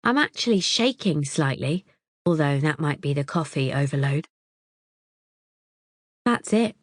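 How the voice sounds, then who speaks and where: A woman's voice: low-pitched, animated, unhurried, no room sound, clean studio sound. A woman narrating a psychological thriller audiobook in the first person, wry and tense.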